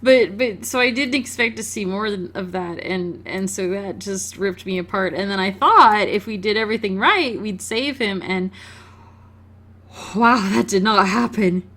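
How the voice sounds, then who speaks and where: A woman's voice: medium pitch, measured pace, fairly bright tone. A woman hosting a game let's play, reading the story aloud and commenting emotionally, tearful, stammering and laughing.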